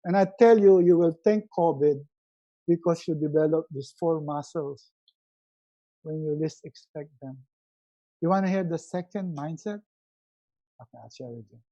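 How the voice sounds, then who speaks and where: A man's voice: normal speed, long pauses, dull audio. Emphatic Filipino man coaching. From Philippines. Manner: emphatic, repeats key words, drops his voice low and soft for emphasis. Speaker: resiliency coach and speaker. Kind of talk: motivational webinar talk.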